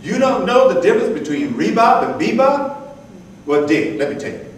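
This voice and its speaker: Man playing a high, jive-talking jazz lover who scats and preaches; distant, echoey live room. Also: big pitch swings, moderate pace, slight background noise. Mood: preaching. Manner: slangy, preaching, scatting rhythms. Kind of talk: live storytelling.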